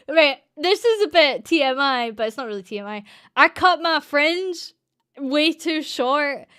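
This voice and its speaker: A woman's voice: high-pitched, lively intonation, moderate pace, fairly bright tone. Chatty Scottish young woman streamer. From Scotland. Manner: rambling and chatty, lots of fillers and giggles. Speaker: streamer and voice actress. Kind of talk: casual storytelling chat.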